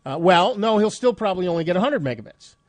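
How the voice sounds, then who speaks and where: Male radio tech host, stuffed-up, higher pitch, dry close sound, wry and chatty. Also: expressive, quick pace, no echo. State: stuffed up nose. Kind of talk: radio tech talk and news reading.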